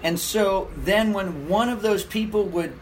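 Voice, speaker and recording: A man chatting casually among friends, telling animated stories and slipping into quoted voices. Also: sits high, a little slow, a little hiss or hum, rough recording. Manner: animated storyteller who puts on an Irish accent for quotes. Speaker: ultrarunner guest. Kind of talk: casual chat over beer. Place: garage.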